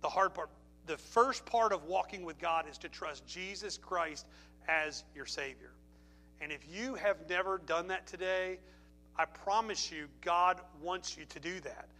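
A man's voice: sits high, unhurried, pushed and bright, a little hiss or hum. A middle-aged man preaching a sermon, telling stories with emphasis and repeating phrases before an altar call. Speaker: pastor.

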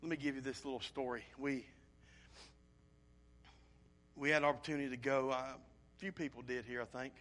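A man's voice: medium pitch, quick pace. A man preaching a sermon, telling a personal story in an earnest, emotional way and acting out his own asides. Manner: animated storytelling with acted-out asides.

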